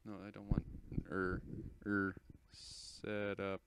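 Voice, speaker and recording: Teen male host, casual rambling commentary, self-correcting, low-pitched, faint background noise. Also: completely flat delivery, takes it slowly. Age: teens. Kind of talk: casual commentary over a screen recording.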